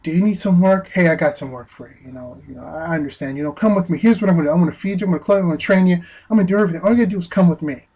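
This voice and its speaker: A man's voice: sits high, rapid-fire, hardly any pauses, darkish tone. A man doing a coaxing street recruiter. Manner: coaxing, smooth-talking. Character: friendly male recruiter luring a homeless man.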